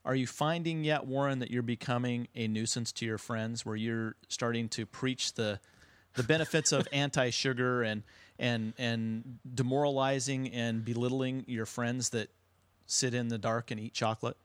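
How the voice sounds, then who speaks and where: A man's voice: medium pitch, steady tone, normal speed, smooth, dry recording. A man hosting a podcast, teasing his guest in casual chat. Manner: joking, teasing. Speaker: podcast host.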